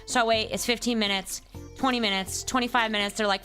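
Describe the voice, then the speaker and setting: Young female streamer, casual and exasperated, chatting over quiet music. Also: a little high, steady tone, fast talker. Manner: exasperated ranting, reads chat names aloud. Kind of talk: casual live-stream chat.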